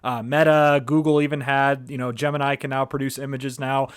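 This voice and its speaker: A man's voice: mid-range voice, flat delivery, brisk, clear, resonant tone, no room sound. Casual male podcast host, dry close sound. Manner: casual, conversational questioning. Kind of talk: podcast interview.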